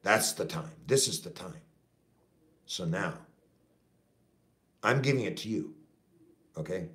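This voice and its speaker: A man's voice: low-pitched, animated, slow, a bit bright. A middle-aged man from Canada, a trucker and activist, ranting to his viewers with heavy swearing and a repeated "okay?". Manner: profane, repetitive, keeps saying okay. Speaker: activist vlogger. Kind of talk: impassioned rant to camera.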